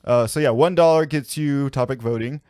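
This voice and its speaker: A man's voice: medium pitch, a little mellow, no room sound, studio quality. A man co-hosting a folklore podcast, chatting casually and jokingly and reading narration. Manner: joking, chatty, quick to laugh. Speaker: podcast co-host. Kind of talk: casual chat and scripted narration. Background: faint guitar music.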